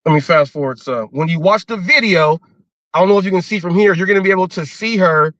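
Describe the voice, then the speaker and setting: High-voiced man ranting on a livestream. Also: fast talker, fairly bright tone, dry recording, dull audio. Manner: defensive, repeats words and restarts often. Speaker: livestream host.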